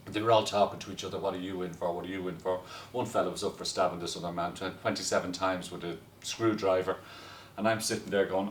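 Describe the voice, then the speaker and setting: A man telling a story in a lively, casual way, often laughing as he goes. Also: lowish voice, fast talker. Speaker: guest telling stories. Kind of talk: casual anecdote. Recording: roomy echo, distant from mic, faint noise.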